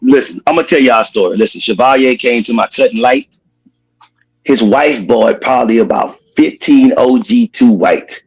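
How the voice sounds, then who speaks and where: A man's voice: mid-range voice, normal speed, slightly rough, low-quality recording. Laughing, playful man. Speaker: cigar brand owner. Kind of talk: casual interview chat.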